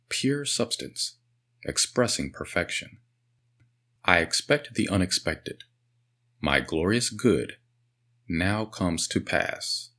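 A man narrating a spiritual self-help audiobook in an earnest, measured way. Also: low voice, a bit bright, breathy edge. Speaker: audiobook reader.

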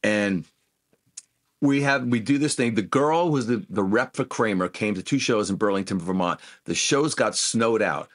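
A middle-aged man with a fairly low voice tells stories in a relaxed interview. He jumps into the voices of the people in his anecdotes and keeps the talk casual and animated. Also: normal speed. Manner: animated anecdotes, acts out quoted dialogue. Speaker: guest musician.

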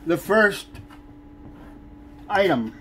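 A man in an unboxing vlog, talking slowly with lots of hesitant pauses. He sounds irritated and complaining as he goes through the items. A faint hum of background noise sits behind his voice. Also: sits high, big pitch swings, pushed and bright. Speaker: fishing channel host.

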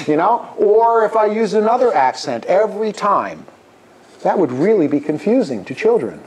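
A middle-aged man teaching a hands-on music workshop, his voice sitting a little higher than most men's. He talks in an animated way and breaks into sung chants to demonstrate. A faint hiss of noise hangs under his voice in the room. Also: a little fast. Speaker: music education professor leading a workshop. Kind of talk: interactive workshop talk with singing.

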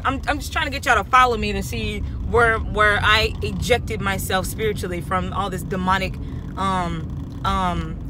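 Woman, young adult, bright tense voice, animated storytelling, faint traffic behind. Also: fairly high pitch. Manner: animated, repeats "okay?" constantly. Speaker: vlogger. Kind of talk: casual storytelling vlog.

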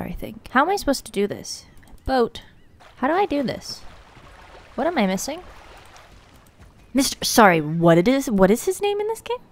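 Excitable woman rambling through gameplay. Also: mid-range voice. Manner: excitable, rambling, gushing with gasps. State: tired from filming late at night. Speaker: gaming YouTuber. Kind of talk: casual gameplay commentary.

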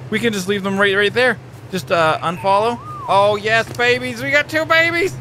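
A man hosting a gaming channel, giving chatty, excitable let's-play commentary that keeps bursting into high squeals. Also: moderate pace, slight background noise.

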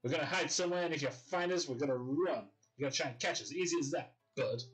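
A man's voice: a little high, fast, fairly bright tone, voice pushed up, lightly acted, poor audio. Yorkshire man reading a swearing, swaggering game boy-gang leader, crude and cocky. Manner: crude, swearing, mock-menacing.

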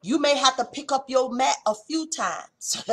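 A woman giving an impassioned devotional message, swinging between loud exhortation and hushed intensity, with a colloquial, folksy way of speaking. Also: sits high, measured pace, slight background noise. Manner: colloquial, uses folksy address. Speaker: preacher.

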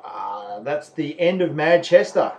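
A man's voice: a little high, very animated, slow, darkish tone, highs cut off, a little hiss or hum. A man with an Australian accent, hosting a live raffle and commentating each name as it is drawn. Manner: chatty, calls names and counts spots. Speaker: raffle host.

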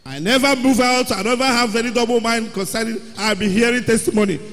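A man telling his testimony at a worship service, with excited storytelling that rises into loud exclamations. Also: very high-pitched, fast talker. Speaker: church member giving testimony. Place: large church hall. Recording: long hall reverb.

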